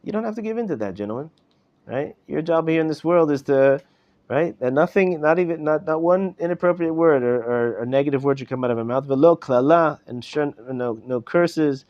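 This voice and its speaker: Middle-aged rabbi chatting through a class, mellow voice, kinda muffled recording. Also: male voice, fairly high pitch, expressive, brisk. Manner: conversational, repeats words and asks "right?" often. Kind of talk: informal Torah class to students. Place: classroom in a study hall. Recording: dull live class recording.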